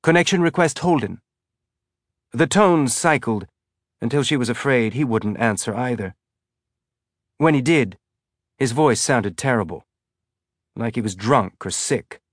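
A man reading an audiobook narration in a steady, even voice. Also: medium pitch, unhurried, long pauses, no room sound, clean studio sound.

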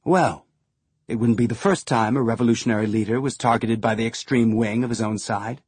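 A man voicing a sharp, curious female journalist who speaks quickly and analytically, in an audiobook. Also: mid-range voice, husky, no echo, natural voice. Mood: musing.

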